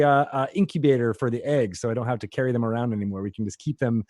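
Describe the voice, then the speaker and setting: A man talks casually as a roundtable guest and keeps stopping on "uh." His voice is mid-pitched, and the sound is dry and close with no room echo. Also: darkish tone. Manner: halting, many uh fillers. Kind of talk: casual chat.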